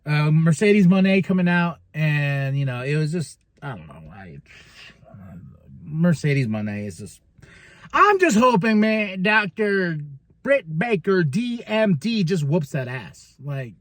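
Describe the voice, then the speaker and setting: Guy hosting a wrestling recap podcast, kinda high voice, dry close sound, laughs a lot. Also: no echo. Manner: animated, does quick mock voices when quoting; laughs often, stumbles and restarts. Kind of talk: casual recap monologue.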